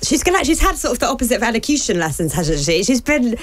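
A woman on a radio panel talking in an amused, lively way. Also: fairly high pitch, fast talker. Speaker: panel guest.

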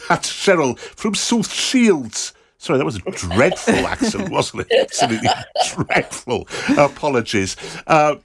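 A man's voice: a little high, big pitch swings, measured pace, hardly any pauses, breathy edge. A man with a British accent hosting a talk radio show, wry and sardonic with chuckling asides. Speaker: radio host.

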